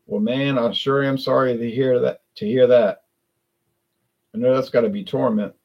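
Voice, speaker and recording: A man's voice: medium pitch, steady tone, moderate pace, vocal fry, muffled recording. A man from South Louisiana with a South Louisiana accent, rambling through a casual live-stream chat about drinks with lots of restarts and self-corrections.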